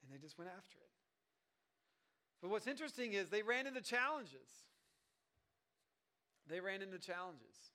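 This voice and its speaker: A male pastor delivers a conversational sermon. His voice sits high for a man, and he talks loosely, restarting sentences and dropping in wry asides to the congregation. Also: sing-song, normal speed, pauses often, pushed and bright. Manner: conversational, joking asides, many fillers and restarts.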